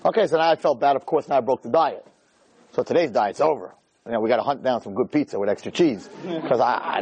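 A middle-aged man giving a jokey, animated storytelling talk as a rabbi, peppering it with "right?". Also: mid-range voice, breathy edge. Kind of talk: storytelling lecture.

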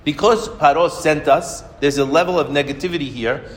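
A man teaches the weekly Torah portion, asking questions and answering them himself in a lively way. His voice sits a little high. The sound trails off in a long reverb, as in a hall. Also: moderate pace.

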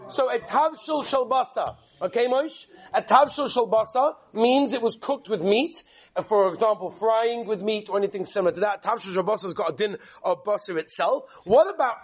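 A rabbi teaches a lively class on Jewish law, his high voice carrying a lilt. Animated and full of stories, he peppers the lecture with anecdotes and questions for his students and drops into whispers when quoting.

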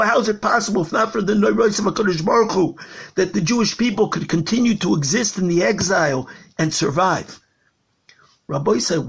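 Gravelly, husky rabbi teaching with passion. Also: male voice, high voice. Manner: impassioned, stretching key words for emphasis; storytelling with a parable. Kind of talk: Torah lecture on prayer.

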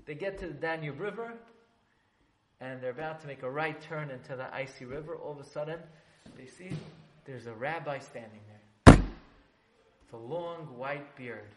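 A man telling a story to a class, lively and joking with his listeners in a room with an audience. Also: a little high, normal speed, long pauses. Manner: animated, joking asides with the audience. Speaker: religious teacher. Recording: echoey room, faint background noise.

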